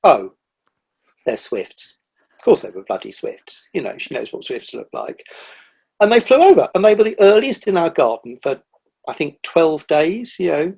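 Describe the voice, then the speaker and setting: A husky, animated man telling nature stories. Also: a little high, normal speed. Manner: enthusiastic, animated storytelling with quoted asides. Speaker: guest, nature writer. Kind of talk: casual conversational interview.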